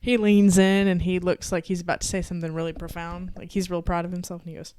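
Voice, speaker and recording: A woman's voice: on the low side, steady tone, fairly quick, few pauses, warm tone, clear, resonant tone, no room sound, clean studio sound. A young woman from Texas, co-hosting a podcast, chatting casually and telling stories with lots of fillers and frequent laughter. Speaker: podcast co-host. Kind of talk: casual chat.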